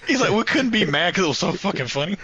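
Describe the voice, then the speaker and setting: A man's voice: high-pitched, very animated, quick pace, pushed and bright, breathy edge, highs cut off. A man co-hosting a podcast, telling gaming stories in casual chat and swearing freely. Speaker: podcast co-host.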